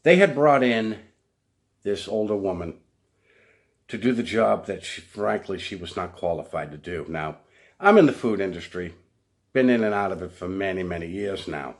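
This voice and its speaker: Animated low-voiced man telling a work story. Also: moderate pace. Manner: animated, acts out other people's lines. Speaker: food industry worker telling a story. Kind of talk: casual storytelling monologue.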